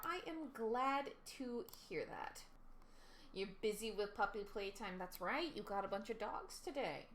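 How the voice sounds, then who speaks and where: A woman's voice: fairly high pitch, a bit bright, slight background noise. A woman streaming a game live, chatting with viewers and reading the story text aloud in a chatty, giggly way.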